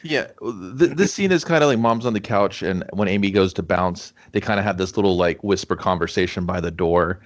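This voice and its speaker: A man with a fairly low voice weighs in as a podcast co-host, rambling through his thoughts on a film. He leans on filler words, restarts his sentences and swears freely. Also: a little fast, few pauses. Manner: rambling, profane, filler-heavy opinions. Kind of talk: casual movie review chat.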